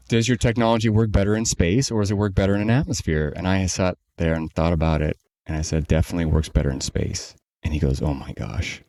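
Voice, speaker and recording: A man co-hosting a podcast, telling a long story in a casual, animated way and acting out the people he quotes. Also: low-pitched. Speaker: podcast co-host, company CEO.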